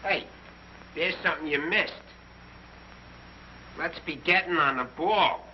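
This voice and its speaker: A man's voice: a little high, slow, a little hiss or hum. An actor playing a folksy army sergeant who nags his men about keeping things neat. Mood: fussy. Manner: folksy, nagging about neatness. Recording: dull old TV sound.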